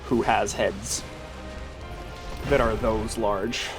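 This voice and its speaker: A man's voice: fairly low pitch, fairly even intonation, drawn-out words, over music. A man livestreaming and reading chat, rambling casually with wry, profane humor and lots of fillers.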